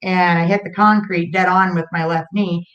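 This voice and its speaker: A woman's voice: lowish voice, fairly even intonation, moderate pace, dull audio. Frank, emphatic woman guest. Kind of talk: casual chat.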